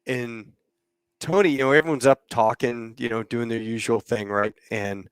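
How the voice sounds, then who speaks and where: Speaking at a moderate pace in a clean, mid-range voice, a podcast host and ex-Marine pilot chats through old flying tales, animatedly acting out radio calls and cockpit exchanges. The audio has no echo.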